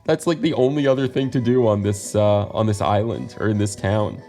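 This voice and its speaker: A man's voice: fairly low pitch, brisk, mellow, soft background music. An American man hosting a casual let's play, chatty and self-deprecating, laughing often between his asides. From United States. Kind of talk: casual video game commentary.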